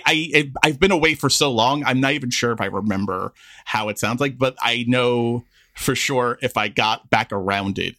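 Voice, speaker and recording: Lively man co-hosting a podcast. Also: mid-range voice. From New York, Queens. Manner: animated, jokes with put-on accents. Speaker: podcast co-host. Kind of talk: casual chat.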